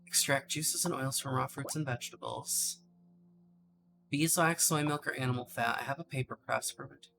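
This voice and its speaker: A woman's voice: very deep voice, moderate pace, gravelly, a bit bright. A woman streaming a game, chatting casually and joking with her viewers. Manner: chatty, joking, easily amused. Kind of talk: casual live-stream chat. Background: faint background music.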